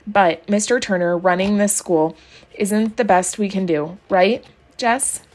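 A woman voicing a clever ten-year-old girl who talks calmly, reasons things out and persuades gently in a storybook reading. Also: medium pitch, a little slow, lightly acted. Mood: soothing.

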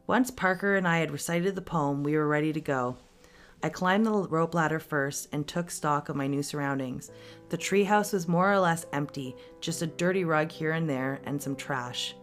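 A woman podcast host reading a story aloud with steady, expressive narration. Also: low voice, normal speed, soft background music.

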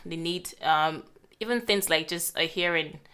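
Young nigerian woman cohosting a podcast, bright lowish voice, chatty and lively. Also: measured pace, smooth. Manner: chatty, laughs often, animated. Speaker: podcast co-host. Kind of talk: casual podcast chat.

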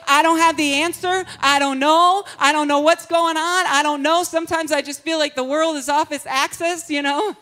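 A woman pastor giving an Easter sermon, moving from hushed, confiding talk to fervent shouted praise, breaking into sung phrases and frequent laughter. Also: high voice.

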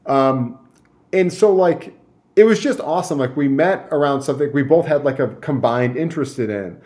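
A man's voice: mid-range voice, moderate pace, darkish tone. A young man from Michigan, a guest telling a story in casual chat, rambling with many fillers and restarts.

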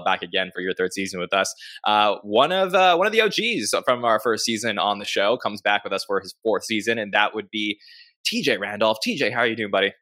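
A man's voice: fairly low pitch, pushed and bright. A man hosting a podcast, introducing each guest in an upbeat, casual way. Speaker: podcast host.

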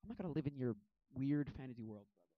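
A man rambling through a casual movie recap at his computer, full of fillers and animated asides. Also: mid-range voice, rapid-fire, dry recording. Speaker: movie vlogger. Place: home desk at a computer. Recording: dull lo-fi audio, dry.

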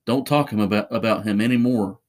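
A man's voice: on the low side, fairly quick, a little mellow, lightly acted. A man voicing an uneasy mother who curtly warns her son in a spoken horror story.

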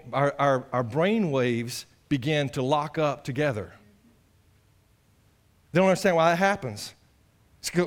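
A male pastor preaching an animated, impassioned sermon. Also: fairly high pitch. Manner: animated, impassioned, acts out voices of others.

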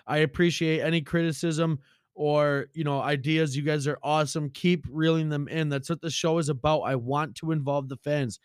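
A man's voice: a little high, fairly even intonation, moderate pace, clear, resonant tone, no echo. Casual male sports podcast host, loose and profane, dry close sound.

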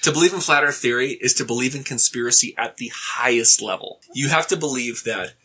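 A man's voice: mid-range voice, fairly quick, bright, forceful tone, breathy edge. A man in casual podcast chat who rambles as he explains ideas, filling his talk with "like" and "right?". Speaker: podcast co-host.

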